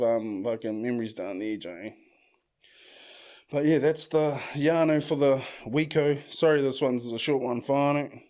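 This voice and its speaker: A man with a New Zealand accent telling a story casually as a podcast host, full of slang and swearing, who acts out the quoted lines loudly. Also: a little high.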